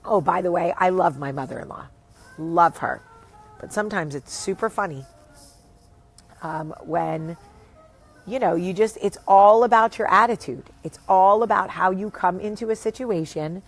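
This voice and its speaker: A woman's voice: on the low side, normal speed. A woman in her thirties or forties with a New Jersey accent, casually telling a story on her vlog, acting out the people she quotes. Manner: animated, acts out quotes, swears casually. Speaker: vlogger, show host.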